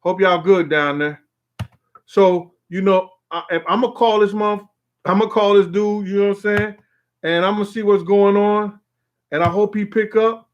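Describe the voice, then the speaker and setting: A man's voice: high voice, fairly even intonation, moderate pace, muffled recording. A man hosting a casual call-in talk show, rambling in a streetwise way and often asking "you know what I'm saying". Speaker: show host. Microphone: phone call on air.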